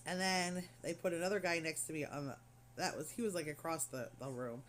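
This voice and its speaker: A woman's voice: sits low, fairly quick, a little hiss or hum. A middle-aged woman craft vlogger telling a story in casual, rambling chat full of fillers and asides.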